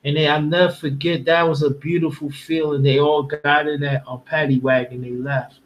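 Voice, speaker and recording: A man's voice: a little high, little pitch movement, moderate pace, lo-fi sound. A man from Brooklyn, New York, talking casually and with feeling, rambling and restarting as he recounts a story. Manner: rambling, heartfelt, with many restarts. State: emotional. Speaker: panel host.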